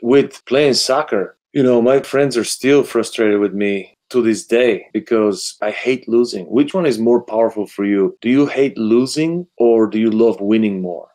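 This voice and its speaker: A man's voice: mid-range voice, unhurried, hardly any pauses, mellow. A man hosting an interview podcast, reflecting on his own experience and asking questions. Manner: reflective, shares own stories, asks questions. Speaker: podcast host. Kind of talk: casual interview talk.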